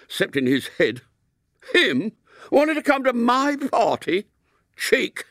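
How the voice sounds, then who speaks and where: A man's voice: lowish voice, big pitch swings, normal speed, no echo, clean studio sound. A man voicing a stubborn schoolboy with tempestuous outbursts, reading aloud from a storybook. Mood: furious. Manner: indignant outbursts.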